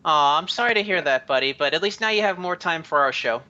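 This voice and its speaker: A man's voice: fairly high pitch, lively intonation, fast talker, sharp tone, muffled recording. A man hosting a casual group chat show, stammering and restarting often and laughing a lot. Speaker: podcast host.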